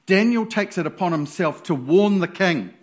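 A man preaching a sermon in an animated, playful way, with sudden loud exclamations. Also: high-pitched, moderate pace.

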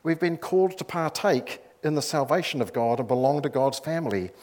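A man's voice: a little high, a little fast, a little mellow. Man, preacher, sermon, conversational, emphatic repetition, church.

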